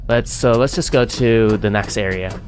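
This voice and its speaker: A man's voice: lowish voice, moderate pace, soft background music. A man streaming himself playing a horror game, talking to himself with panicky yelps and nervous laughs. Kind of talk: let's-play commentary.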